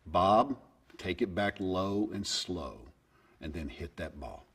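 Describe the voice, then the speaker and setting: A man voicing his calm, patient father giving slow, quiet instruction to a young boy. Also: low-pitched, husky, exaggerated voice. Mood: coaching.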